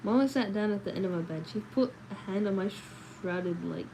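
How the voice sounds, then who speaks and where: A woman's voice: medium pitch, brisk, gravelly, warm tone, slight background noise, poor audio. Sleepy woman reading aloud late at night. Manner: sleepy, chatty, answers chat comments. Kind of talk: late-night read-aloud and casual chat.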